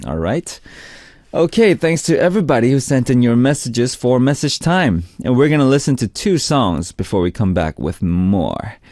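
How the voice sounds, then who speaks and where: A man hosting a music radio show, reading out listener messages in a relaxed, chatty way. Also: mid-range voice, normal speed, no echo, clean studio sound. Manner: relaxed, chatty, lots of "like" and "you know". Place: radio studio. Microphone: studio microphone.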